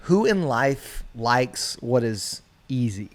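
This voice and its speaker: A man co-hosts a casual podcast and argues in a playful debate. He talks persuasively and stops for dramatic pauses. His voice sits at an ordinary middle pitch. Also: big pitch swings. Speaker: podcast co-host.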